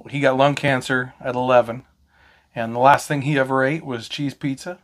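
Man, thirties, podcast co-host, casual home chat, swears freely, rambling stories, mid-pitched voice. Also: fairly even intonation, normal speed. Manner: swearing, storytelling.

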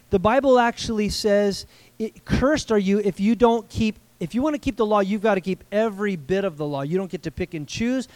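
High-voiced emphatic preacher. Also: male voice, darkish tone, no echo. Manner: earnest, emphatic, asks the congregation questions. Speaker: pastor. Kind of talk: sermon.

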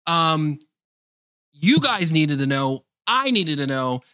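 A man co-hosting a podcast in casual chat, animated, laughing often and swearing freely. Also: fairly high pitch, slow, clean tone, dry recording, studio quality. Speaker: podcast co-host.

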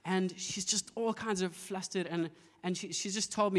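A male pastor delivers a sermon in a fairly high voice. He tells stories with playful, acted-out asides. His voice rings with the long reverb of a large hall. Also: steady tone, normal speed.

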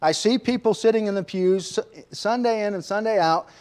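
A man's voice: high voice, moderate pace, a little mellow, smooth, natural voice. A man voicing a fed-up churchgoing woman who lists her complaints in an exasperated way.

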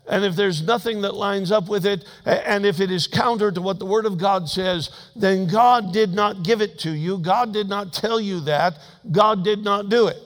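High-pitched preacher guy, folksy and jokey, gets loud then drops quiet, church echo hanging on every word. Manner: folksy, humorous storytelling preaching; emphatic, swings between loud and hushed. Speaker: pastor. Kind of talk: sermon.

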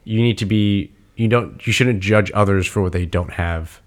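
A man's voice: fairly low pitch, normal speed. A man chatting casually with friends, telling stories and acting out quotes. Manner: animated storyteller, acts out quotes. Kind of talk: casual chat.

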